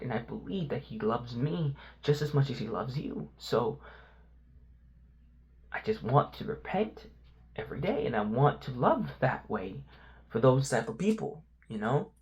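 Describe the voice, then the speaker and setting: Male vlogger sharing his struggles with faith in a candid, halting, reflective way. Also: medium pitch, darkish tone. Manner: reflective, halting, lots of "you know" fillers.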